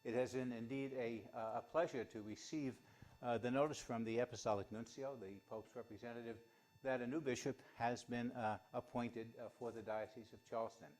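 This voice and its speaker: A man, a bishop, giving hesitant welcoming remarks at a press conference, with frequent restarts and pauses. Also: mid-range voice, steady tone, darkish tone.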